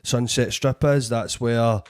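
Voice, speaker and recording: A man with a Scottish accent, a podcast host and comedian, telling an animated story full of swearing in casual chat. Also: medium pitch, measured pace, clear, resonant tone. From Scotland.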